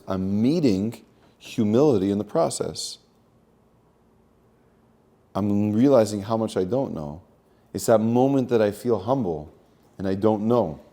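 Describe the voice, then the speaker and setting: A man's voice: lowish voice, warm tone. A man coaching on spiritual growth in an earnest teaching monologue, repeating phrases and using Hebrew terms.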